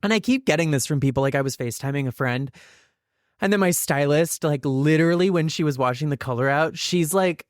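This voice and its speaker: Woman podcast host, low-pitched, dry close studio sound, joking and chatty. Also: no echo. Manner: playful, jokey, quick asides. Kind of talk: casual podcast chat.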